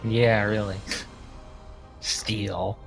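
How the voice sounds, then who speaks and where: A man co-casting a live strategy game tournament, excitable and quick to laugh. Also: fairly low pitch, vocal fry, soft background music. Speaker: esports caster. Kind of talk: casual live game commentary.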